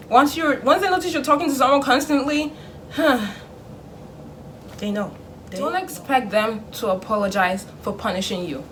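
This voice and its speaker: A young woman vlogging in casual chat, animated, acting out her parents in a hushed voice. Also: medium pitch, slight background noise.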